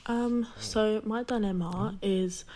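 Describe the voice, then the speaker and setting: A young woman calling in with a dilemma, talking with a lisp and a hesitant, halting manner. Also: mid-range voice, fairly even intonation, dark tone. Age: young adult. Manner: hesitant, filler-heavy. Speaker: caller. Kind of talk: voice-message dilemma.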